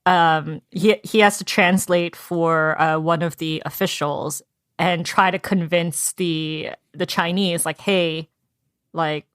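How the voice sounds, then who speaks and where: Lowish-voiced woman chatting about a book. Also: slow pace, no room sound, studio quality. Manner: animated, acts out characters' lines in quotes. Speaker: podcast co-host. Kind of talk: casual book club chat.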